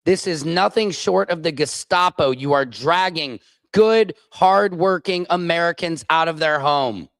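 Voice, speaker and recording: A male comedian fronts his own show with a furious, profane tirade. He speaks slowly and leans on every word, his voice sitting a little high. The sound is dry and close. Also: a bit bright, no room sound. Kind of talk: angry political rant on a stream.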